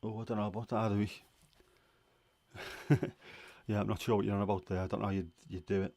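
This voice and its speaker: Relaxed English man hosting a chat stream. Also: on the low side, fast talker, dry recording. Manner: relaxed, chatty, reads and answers chat questions. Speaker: livestream host. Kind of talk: casual chat.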